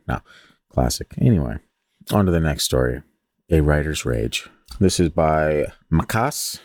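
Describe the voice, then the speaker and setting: Young male podcast host, low voice, very animated pitch, joking asides, dry close mic. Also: normal speed, no echo. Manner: joking, swears casually, breaks off to tease. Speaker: podcast co-host reading listener stories. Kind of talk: casual chat and story reading.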